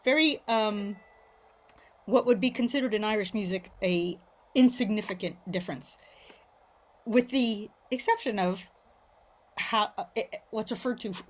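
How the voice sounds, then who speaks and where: A woman's voice: medium pitch, moderate pace, pauses often. A woman teaching Irish mandolin tunes in an online class, casually explaining phrasing, often checking in with "right?". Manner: casual, explains with sung syllables and frequent "right?". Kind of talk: online music lesson. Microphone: video call. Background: mandolin playing.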